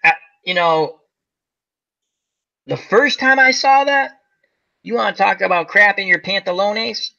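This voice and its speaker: A man's voice: sits high, unhurried, creaky, pauses often, highs cut off. A man hosting a casual chat, telling stories animatedly and acting out the quotes. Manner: animated storyteller, acts out quotes. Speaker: host.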